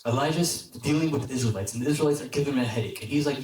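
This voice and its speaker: A man's voice: mid-range voice, rapid-fire, hardly any pauses. Young guy preaching at youth group, chatty, says like a lot, kinda far from the mic, big echoey hall. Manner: conversational, lots of "like", animated when quoting characters. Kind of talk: casual youth sermon with storytelling.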